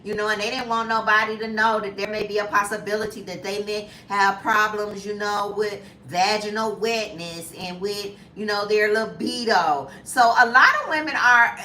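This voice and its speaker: A woman in her fifties chatting casually as a lifestyle vlogger, animated and jumping to high squeals when acting out reactions. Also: moderate pace, few pauses, reverberant, far from the mic, slight background noise. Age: 50s. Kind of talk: casual chat.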